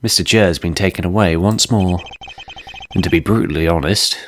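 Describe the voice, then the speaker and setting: A man's voice: sits low, moderate pace, a little hiss or hum. A man commentating on a game he plays, chatty and self-deprecating with joking asides. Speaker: let's play host.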